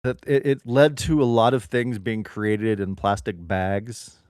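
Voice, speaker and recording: A man co-hosting a casual comedy podcast, wry and deadpan as he picks apart a story. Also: on the low side, a little slow, smooth, no echo, clean studio sound. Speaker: podcast co-host.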